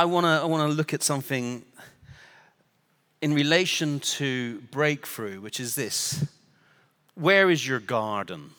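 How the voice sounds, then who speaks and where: A man's voice: mid-range voice, a bit bright. A man from Northern Ireland with an English accent, preaching a sermon with humorous, self-deprecating stories. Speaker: guest preacher. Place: church auditorium. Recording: long hall reverb.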